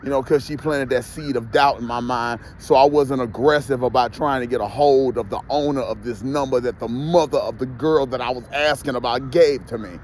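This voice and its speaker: A man's voice: mid-range voice, fairly quick, hardly any pauses, a little mellow, a little hiss or hum. A man ranting heatedly to his viewers in a profane, repetitive vlog monologue. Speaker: vlogger.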